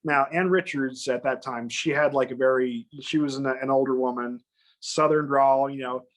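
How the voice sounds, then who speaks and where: A man telling a long personal story in casual chat, animated and acting out other people's lines in raised voices. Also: mid-range voice, normal speed. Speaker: guest.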